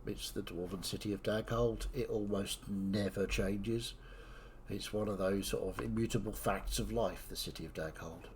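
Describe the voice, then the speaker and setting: A man's voice: on the low side, fairly even intonation, normal speed, a little hiss or hum. A man narrating a tabletop game as game master in an easygoing way.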